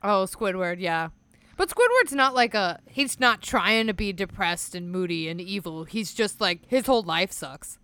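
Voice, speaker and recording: A woman playing a casual quiz game, making quick guesses and laughing a lot. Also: mid-range voice, expressive, fairly bright tone, smooth, no room sound. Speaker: quiz player.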